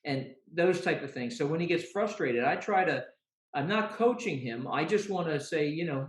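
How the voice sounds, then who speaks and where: A man's voice: fairly high pitch, lively intonation, normal speed. A man guest, an umpire, talking earnestly in a casual interview and often repeating words as he thinks. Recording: roomy echo.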